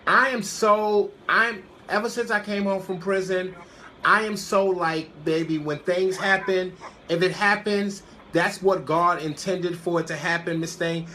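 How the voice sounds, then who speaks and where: A woman's voice: on the low side, steady tone, unhurried, pushed and bright, a little hiss or hum. A woman hosting an online call-in radio show, ranting brashly with heavy, repetitive cursing. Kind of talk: profane call-in radio rant.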